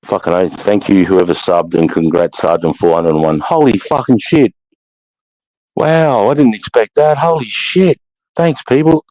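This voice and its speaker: A low-voiced, middle-aged Australian man talks bluntly on a livestream and swears constantly. His stories get loud and animated. The audio is dull and dry, like a cheap close mic. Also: normal speed, no echo. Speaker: livestream host, army veteran. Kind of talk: casual livestream chat.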